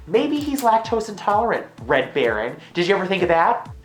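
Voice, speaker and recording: A woman vlogging a random comedic monologue to camera, sassy and hyper, bursting into loud squealed exclamations. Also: on the low side, sing-song, a little fast. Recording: echoey room, faint music.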